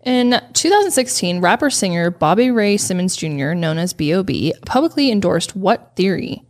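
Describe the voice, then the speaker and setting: A woman on a casual podcast quiz, expressive and exclamatory as she answers and asks questions. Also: lowish voice, normal speed. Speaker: podcast panelist. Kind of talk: casual quiz game chat.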